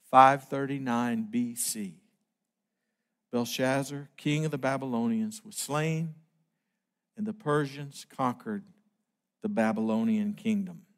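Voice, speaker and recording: A middle-aged man preaching a sermon, emphatic and slowing down on key phrases. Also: medium pitch.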